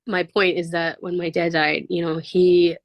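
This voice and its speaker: Low-voiced woman telling a spiritual story. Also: little pitch movement, normal speed, no echo, dull audio. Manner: earnest, rambling, with frequent fillers and laughs. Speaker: interview guest. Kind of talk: casual conversational storytelling.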